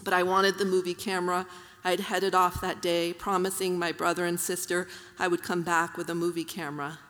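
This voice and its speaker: Woman reading aloud in a reverberant hall. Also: on the low side. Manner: measured, even reading with soft fillers between passages. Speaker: author reading her work.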